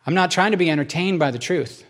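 A male church teacher with a slightly high voice delivers a conversational sermon. He is earnest and animated, and he tells stories energetically to a gathering. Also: quick pace.

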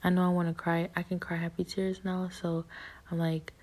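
A young woman giving a personal faith testimony in a soft, whispery, halting way, with many fillers and restarts. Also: on the low side, monotone.

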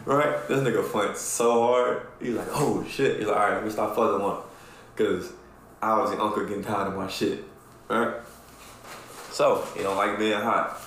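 A man with a gravelly, fry-laced voice tells a story on a podcast, loose and profane, and acts out the lines of the people in it. The room is very echoey, with a faint hum of ambience behind him. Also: fairly low pitch, normal speed. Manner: animated, profane storyteller who acts out quotes. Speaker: podcast co-host. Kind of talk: casual storytelling chat.

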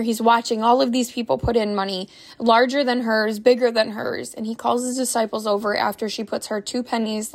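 As a podcast host, a young stay-at-home mom gives an earnest, preachy, faith-based motivational talk packed with rhetorical questions. Her voice is on the high side.

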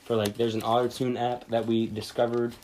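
A young man hosting a casual podcast, rambling and swearing through animated chat among friends. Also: mid-range voice, fairly quick, slight background noise. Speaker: podcast host.

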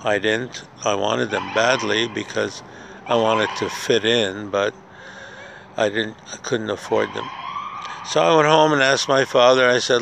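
A man's voice: fairly low pitch, fairly even intonation, measured pace, vocal fry, a bit bright, poor audio. An older man hosting a podcast outdoors in a park, telling a motivational story in an earnest, repetitive way that builds to emphatic rhetorical questions. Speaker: podcast host. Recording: faint outdoor background noise.

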